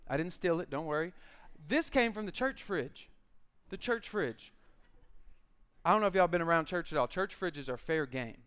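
A man preaches a casual sermon full of jokes and quick acted-out lines. His voice sits high for a man. It sounds clean and smooth. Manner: animated, joking storyteller who acts out quotes. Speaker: pastor. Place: church.

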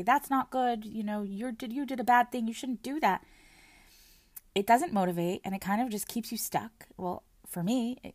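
A woman speaks in an earnest, soft-spoken way, reflecting on her own experience. Her sentences often double back as she repeats words and restarts phrases. Her voice sits at a middling pitch, and the recording is dry and close. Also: no echo. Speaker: mother sharing her personal experience. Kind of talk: reflective personal talk.

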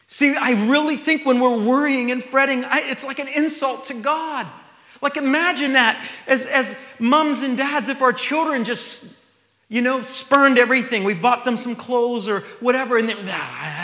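A man's voice: very high voice, pushed and bright, reverberant, in a large hall. A man preaching a sermon, reading scripture aloud and then explaining it in a conversational way.

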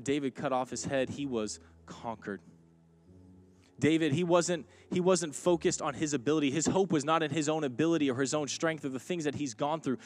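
Man preaching an emphatic sermon. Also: medium pitch. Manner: building from quiet to emphatic preaching, acting out quoted lines. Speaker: pastor. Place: church sanctuary.

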